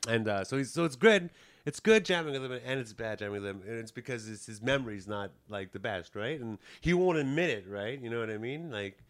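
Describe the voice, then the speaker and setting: A musician who plays in a band tells a casual story, his medium-pitched voice brisk and lively in intonation. He rambles and swears, often checking in with "you know what I mean."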